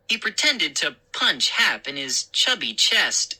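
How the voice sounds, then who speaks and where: A woman reading a children's story aloud in an expressive, unhurried way. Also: deep voice, slightly rough, poor audio.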